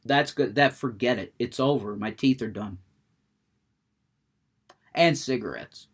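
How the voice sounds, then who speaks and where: A man's voice: mid-range voice, moderate pace, breathy edge. A man rambling about video games in a casual monologue, stammering, restarting sentences, cursing freely. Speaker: gaming vlogger.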